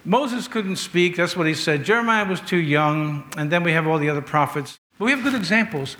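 Earnest preacher, a man with a slightly higher voice. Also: expressive, a little fast, bright, forceful tone, slight background noise. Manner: conversational, earnest, storytelling with rhetorical questions. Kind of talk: sermon.

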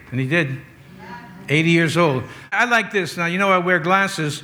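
Man, pastor, sermon, slightly high voice, conversational with humorous asides. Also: lively intonation, normal speed, pushed and bright, a little hiss or hum.

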